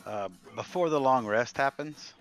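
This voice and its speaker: A man's voice: mid-range voice, a little slow, fairly bright tone, faint music behind. A man playing a tabletop game, narrating what his character does in descriptive detail, with many fillers. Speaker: player.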